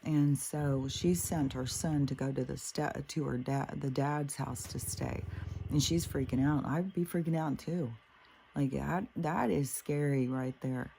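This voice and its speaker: A woman's voice: extremely low pitch, a little slow, creaky, dark tone, a little hiss or hum. A middle-aged woman hosting a spiritual show, telling a story in a blunt, casual way that is full of swearing and fillers. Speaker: spiritual podcast host.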